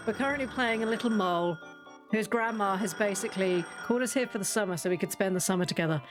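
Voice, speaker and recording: A woman giving casual, rambling commentary while playing a video game, chatty and quick to laugh. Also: mid-range voice. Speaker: game streamer.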